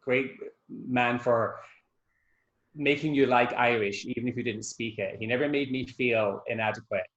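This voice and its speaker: A man of middle pitch tells long, chatty anecdotes in a relaxed interview. His voice comes through a video call with dull, lo-fi sound. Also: normal speed. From Scotland. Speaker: Irish dance teacher and adjudicator. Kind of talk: casual interview chat.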